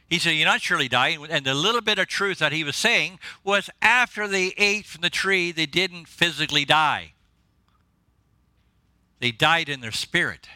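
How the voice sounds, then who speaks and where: Excitable man preaching a sermon. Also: fairly high pitch, dry recording. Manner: excitable, jokey, laughs at his own lines. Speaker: guest preacher. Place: church.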